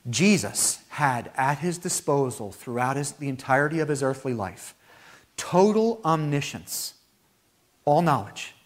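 A man preaching a sermon as pastor, with animated delivery that climbs to high, emphatic peaks. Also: measured pace.

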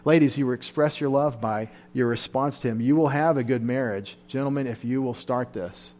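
Male pastor, sermon delivery, fervent and emotional, surges loud then drops low. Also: moderate pace. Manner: fervent, emotional preaching with sudden loud rises. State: tired. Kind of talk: sermon at a Bible study.

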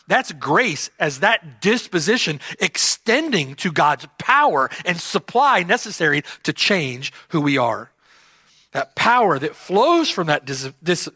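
A man's voice: on the high side, bright, forceful tone, breathy edge, no echo. A man preaching an expository sermon, emphatic and repeating key phrases for stress. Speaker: pastor.

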